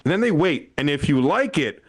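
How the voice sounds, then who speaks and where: A young man performs a stand-up set into a handheld mic on a comedy club stage. He tells family stories, acting out quotes in passing and laughing often. His voice sits a little high for a man. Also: big pitch swings, fairly quick.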